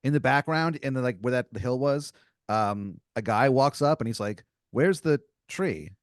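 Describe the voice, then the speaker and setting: A man's voice: mid-range voice, moderate pace, clean tone, no echo, clean studio sound. A man hosting a comedy podcast, narrating an improvised story in a loose, rambling way.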